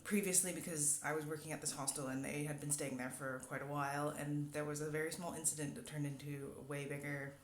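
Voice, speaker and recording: A woman's voice: low voice, slight background noise. Woman telling a rambling story. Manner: rambling, many fillers. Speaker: vlogger. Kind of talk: casual storytelling. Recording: echoey room.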